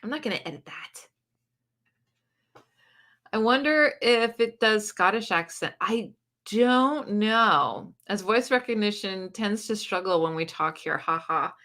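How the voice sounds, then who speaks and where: Bright-voiced chatty woman hosting a livestream. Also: medium pitch, expressive, takes it slowly. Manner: chatty, laughs often, reads viewer comments aloud. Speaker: book channel host. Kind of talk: casual livestream chat.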